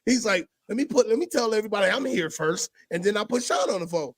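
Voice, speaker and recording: Animated man telling a dream story. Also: high-pitched, quick pace, no room sound, clean studio sound. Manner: animated, acts out voices in his story, drops to a near whisper for emotional parts. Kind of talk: casual storytelling.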